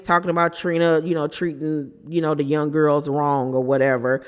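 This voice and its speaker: A woman's voice: low-pitched, clean tone. Opinionated woman recapping, hall reverb. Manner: animated, opinionated, quotes people in quick bursts. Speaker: reality TV recap host. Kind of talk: casual chat recap.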